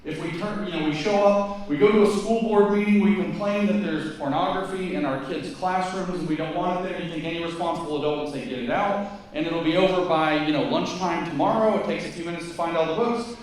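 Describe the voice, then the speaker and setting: A man giving a live lecture to an audience in a conversational, emphatic way, full of quick asides and restarts. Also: sits high. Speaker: guest speaker. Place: event hall before a live audience. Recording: very echoey hall, mic at a distance.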